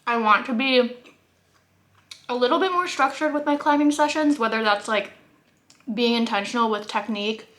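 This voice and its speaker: Bright chatty young woman vlogging. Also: fairly high pitch, moderate pace, pauses often. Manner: chatty, many "like" fillers, laughs while talking; talking while eating. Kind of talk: casual vlog talk to camera. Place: at home.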